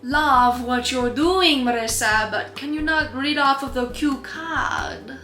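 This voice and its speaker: A woman playing a slow, deadpan casting director. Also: high-pitched, echoey room, faint music behind, full character voice.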